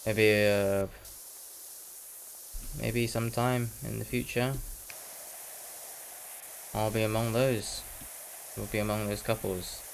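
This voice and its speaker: A teenage man with a fairly low voice talks through a game in easygoing chat. He rambles from thought to thought and pokes fun at his own jokes, and now and then slips into a put-on British slang voice. A faint hiss sits under his voice. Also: level tone, takes it slowly, creaky, pauses often, rough recording. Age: teens. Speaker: gaming commentator. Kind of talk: casual chat while playing a game.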